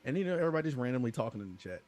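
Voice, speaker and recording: A man co-hosting a gaming podcast, telling stories in a casual, animated way and acting out other people's lines. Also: mid-range voice, racing. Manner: animated, laughing, acts out quoted voices. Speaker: podcast co-host. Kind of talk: casual storytelling chat.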